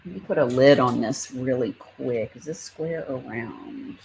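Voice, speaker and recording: Low-voiced woman chatting on a livestream. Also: a little slow, gravelly, darkish tone, slight background noise, low-quality recording. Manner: chatty, greets viewers by name, rambling. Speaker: livestream host. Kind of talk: casual live chat reading comments.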